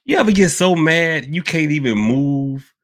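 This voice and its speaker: A man's voice: on the high side, expressive, a little slow. A man hosting a casual podcast, rambling, repeating himself and calling his listeners y'all. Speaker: podcast host and hoodoo worker. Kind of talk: casual open-topic podcast talk.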